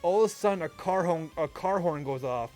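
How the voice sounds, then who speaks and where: Talking briskly in a fairly high voice, a young livestreamer recounts a story in a loose, animated way, full of profanity and frequent laughter. There's faint background music.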